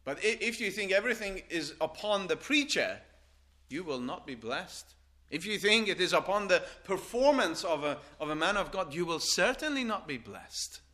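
An older male preacher with a bright, forceful voice that sits a little high. He talks earnestly, stumbling over restarts, then presses his listeners with repeated questions and strong appeals. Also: big pitch swings. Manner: halting restarts and stammers. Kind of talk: sermon.

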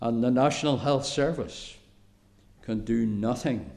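A man with an Irish accent preaching a sermon slowly and deliberately, with emphatic pauses. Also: medium pitch, vocal fry, a little mellow.

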